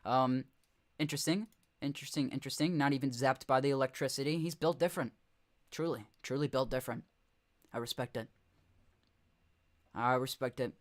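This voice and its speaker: Young male streamer, casual off-the-cuff commentary, rambling and self-correcting, average pitch. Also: steady tone, brisk, pauses often.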